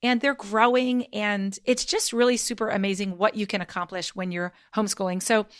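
A woman's voice: mid-range voice, fairly even intonation, moderate pace. A mother who homeschools, giving casual, upbeat and encouraging advice to other parents as a podcast host. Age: adult parent.

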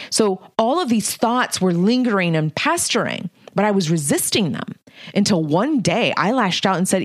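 A woman's voice: mid-range voice, very animated, a little slow, dry recording, clean studio sound. A middle-aged woman hosting a podcast, talking in a candid, blunt, casual way with mild swearing. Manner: blunt, candid, mildly profane. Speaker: podcast host and leadership coach. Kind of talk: casual monologue.

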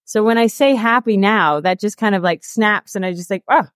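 A woman's voice: mid-range voice, fairly quick, dry recording. Chatty thirties woman, interview guest; dry, close-miked sound. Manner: chatty, peppered with "like" and laughs. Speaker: guest, author and coach. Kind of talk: casual interview chat.

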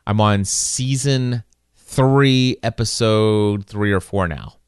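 A man with a lowish, smooth voice rambles through a relaxed conversation, often restarting his sentences. The sound is close and dry, with no room around it. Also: takes it slowly, no echo. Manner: rambling, many restarts and repeated words. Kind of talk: casual chat.

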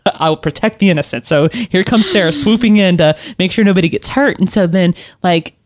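A middle-aged woman chatting casually, rambling and self-deprecating, with halting restarts. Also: lowish voice, dry recording, clean studio sound. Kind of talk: casual chat.

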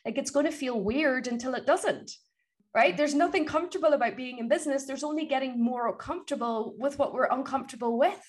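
A woman guest on an interview, coaching on public speaking and telling stories in an energetic, motivational way. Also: sits high, a little fast. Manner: energetic, motivational, animated retelling. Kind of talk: conversational interview, storytelling.

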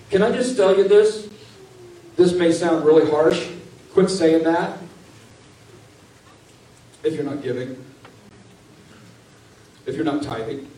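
A male pastor preaching a sermon, animated and laughing as he acts out quotes in a raised voice. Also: a little high. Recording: echoey room from far off mic, faint ambient noise.

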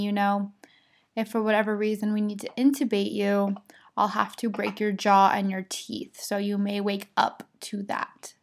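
Brief: young woman, podcast host, candid personal storytelling, mid pitch. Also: gravelly. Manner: candid, laughing, with quoted voices of others. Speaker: podcast host telling her birth story.

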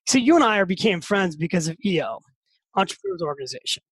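A man in his fifties, a podcast guest and author telling a story in a lively, animated way and often repeating words as he gets excited. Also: sits high, quick pace, slightly rough, dry recording, rough recording. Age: 50s. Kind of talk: casual storytelling.

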